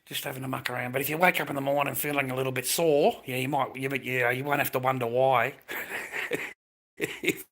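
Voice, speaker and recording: A middle-aged man talks to his livestream viewers in loose, profane, rambling chat, often breaking into laughter. His voice is gravelly and bright. He sits at a middling pitch for a man. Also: steady tone, fast talker. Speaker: livestream host.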